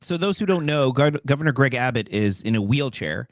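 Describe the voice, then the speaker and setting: A man's voice: medium pitch, animated, fairly quick, a little hiss or hum. A man hosting a political chat show, easygoing and agreeable, with plenty of fillers. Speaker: host.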